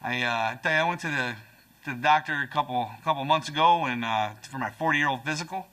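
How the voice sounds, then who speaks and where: A man in his forties doing a stand-up routine, animated, jumping to high voices to act out his stories. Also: quick pace. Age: 40s. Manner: animated, jumps to high voices for acted-out lines. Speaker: stand-up comedian.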